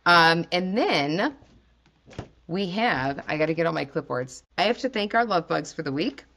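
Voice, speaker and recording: A woman's voice: on the low side, lively intonation, normal speed, fairly bright tone, slight background noise. A woman hosting a podcast, chatting casually and animatedly with lots of fillers. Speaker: podcast host. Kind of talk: casual chat.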